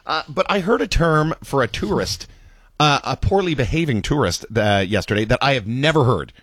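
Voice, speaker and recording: Lively radio host man. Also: medium pitch, moderate pace, breathy edge, no room sound, clean studio sound. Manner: playful, animated, laughs often. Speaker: radio morning show host. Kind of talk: casual radio banter. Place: radio studio. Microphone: studio microphone.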